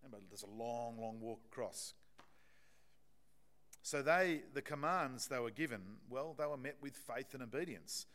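A man's voice: medium pitch, normal speed, fairly bright tone. A man preaching a sermon to his congregation, talking in a conversational, emphatic way with frequent restarts and fillers.

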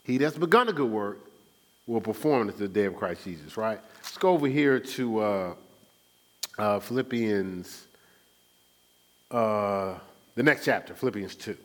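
A man's voice: fairly low pitch, expressive, measured pace, pauses often, fairly bright tone. A man preaching a sermon at his church, teaching in a loose conversational way and often asking the congregation to fill in the words. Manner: conversational preaching with call-and-response questions. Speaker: pastor.

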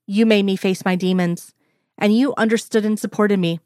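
A gentle middle-aged man in an audio story, talking softly and tenderly to the woman he loves, as a female narrator reads his lines. The pitch sits in a middle range, and the recording is dry and close. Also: fairly even intonation, moderate pace, dry recording, lightly acted. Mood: earnest.

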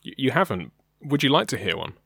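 A man's voice: mid-range voice, big pitch swings, fast, gravelly, sharp tone, slightly rough, no echo, studio quality. A young British man co-hosting a podcast, talking casually and hesitantly, with many ums. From Britain. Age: young adult. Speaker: podcast co-host. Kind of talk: casual chat.

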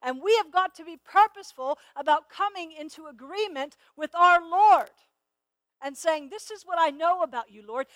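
A middle-aged woman gives a sermon with a very high voice. She speaks earnestly, stumbling over repeated words and slowing down on the phrases she wants to land. The recording is close and dry, with no room sound. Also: lively intonation, a bit bright, dry recording. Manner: earnest, repeats words when starting, slows to stress key phrases. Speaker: Bible teacher.

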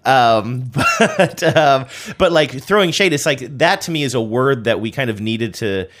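A man's voice: medium pitch, lively intonation, measured pace, fairly bright tone. A man in his forties co-hosting a chat show, joking at his own expense. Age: 40s. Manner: self-deprecating, chatty. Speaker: podcast co-host. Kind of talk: casual chat.

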